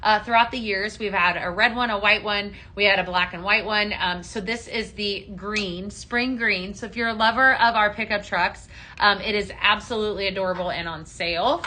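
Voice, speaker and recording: A woman's voice: mid-range voice, fairly even intonation, moderate pace, sharp tone. A woman hosting a casual live-stream shopping show, chatty and upbeat, with many ums, calling viewers her friends.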